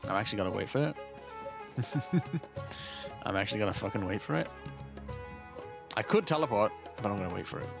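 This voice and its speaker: A man streaming a game live, chatting casually as he plays, rambling, swearing freely and often clearing his throat. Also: fairly low pitch, animated, a little fast, long pauses, music in the background. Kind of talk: casual live gameplay commentary.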